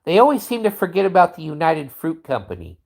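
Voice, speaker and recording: Brief: male stream host, profane rambling rant, very animated intonation. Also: a little high, quick pace, creaky. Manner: profane, rambling, restarts often. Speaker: livestream host. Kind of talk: casual livestream rant.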